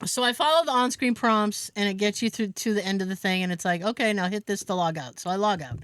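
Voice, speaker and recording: A woman's voice: quick pace, no room sound. A woman co-hosting a podcast, telling a story in casual chat and acting out the quotes with big jumps in her voice. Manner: animated, acts out quotes with big pitch jumps, laughs often. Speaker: podcast co-host.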